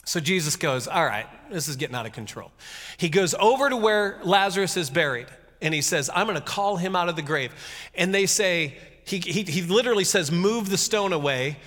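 A man giving a casual, conversational sermon, retelling a scripture story with jokey asides and animated reading. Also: high voice, brisk, long reverb tail. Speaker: pastor.

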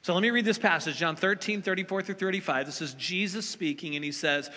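A man's voice: high voice, fast, hardly any pauses, sharp tone. A man preaching a sermon as pastor, speaking emphatically and directly to his congregation. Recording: long reverb of a large hall.

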